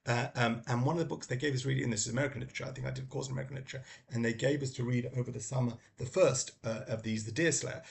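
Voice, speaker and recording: A man's voice: medium pitch, gravelly, darkish tone. A middle-aged man casually recommending books, talking in a rambling way with many ums and restarts. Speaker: book vlogger.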